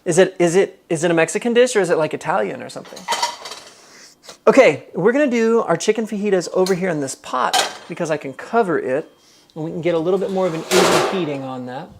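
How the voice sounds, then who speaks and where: Speaking fast and high, with lively intonation and vocal fry, this chatty man hosts a cooking live stream from his home kitchen. He reads the chat aloud and thinks out loud while cooking, against background noise.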